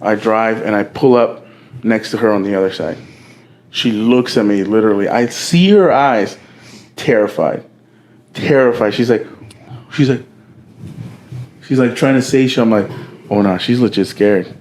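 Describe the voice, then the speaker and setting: A man's voice: fairly low pitch, normal speed, pauses often, darkish tone. A young man co-hosting a podcast, telling a story among friends in a casual, profane, slangy way and acting out the quoted dialogue. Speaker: podcast co-host.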